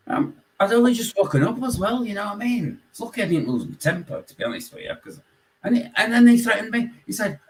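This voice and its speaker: A man with a Yorkshire accent, calling in and telling a story in casual chat, swearing constantly and animated. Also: high-pitched, fast talker, poor audio. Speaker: caller.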